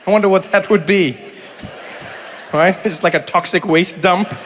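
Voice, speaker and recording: A man in his thirties with a South African accent doing stand-up crowd work, animated and breaking into loud high impressions. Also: moderate pace. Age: 30s. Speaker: stand-up comedian. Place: large theater stage. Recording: live hall with faint crowd noise.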